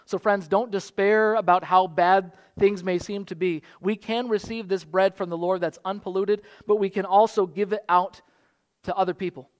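A man's voice: high-pitched, steady tone, normal speed. A man in his thirties, a pastor, preaching a sermon in an earnest manner that builds to fervent exhortation.

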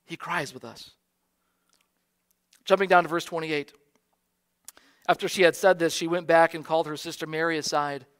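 American man, pastor; high-pitched, earnest sermon delivery, repeats lines softly. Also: steady tone, moderate pace, long pauses, clean tone. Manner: earnest preaching, soft repeated emphasis.

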